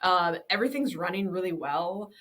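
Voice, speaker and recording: A woman's voice: fairly low pitch, animated, moderate pace, a bit bright. A woman in her thirties, a business owner and interview guest, chatting casually and candidly, swearing freely and laughing often.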